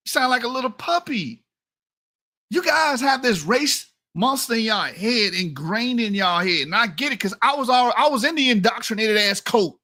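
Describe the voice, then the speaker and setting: An American man, an online commentator, rants heatedly and profanely into a mic in an extremely high, pushed, bright voice. He repeats his points for emphasis and laughs at his own jokes.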